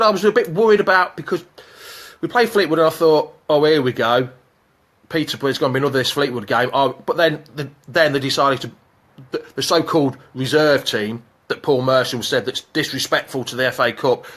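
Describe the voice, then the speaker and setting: A man hosting a live fan show, reading out viewer comments and chatting in an excitable, jokey way. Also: medium pitch, brisk. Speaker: fan channel host.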